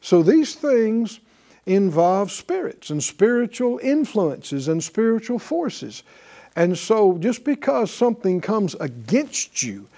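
A man preaching to a class, animated, asking them questions and acting out quotes. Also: high-pitched. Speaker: bible teacher.

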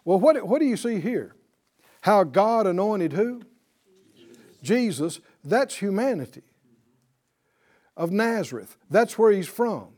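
A man with a high, very animated voice teaches a Bible class in a classroom. He talks slowly and with emphasis, pausing to quiz his students with questions.

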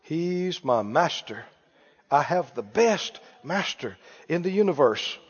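A man's voice: a little high, very animated, takes it slowly, breathy edge, long reverb tail, highs cut off. A man preaching a sermon in a church, emphatic and calling out questions for the congregation to answer.

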